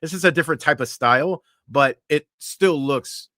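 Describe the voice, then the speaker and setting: A man's voice: fairly high pitch, moderate pace, bright, forceful tone, no room sound, clean studio sound. A man co-hosting a podcast, talking earnestly in casual chat with many fillers. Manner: earnest, with frequent fillers and restarts. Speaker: podcast co-host.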